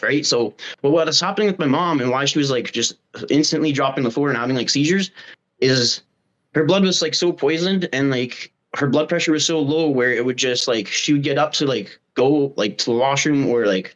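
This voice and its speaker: A man's voice: medium pitch, a bit bright, muffled recording. A man from Canada, a podcast guest, chatting casually in a rambling way, with lots of "like" and plenty of swearing. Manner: rambling, profane, heavy use of "like". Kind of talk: casual chat.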